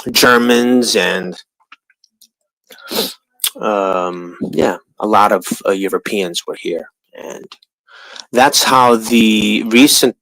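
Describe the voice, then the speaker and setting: A man with a New York accent hosts a casual livestream, talking in a slow, unhurried drawl. His voice sits low, and he rambles crudely and profanely. The sound is dry and close to the mic. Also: gravelly, fairly bright tone, no echo, poor audio. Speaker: livestream host.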